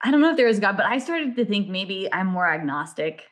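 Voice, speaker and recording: A woman's voice: mid-range voice, sing-song, brisk. Candid woman in casual podcast chat. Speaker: podcast guest.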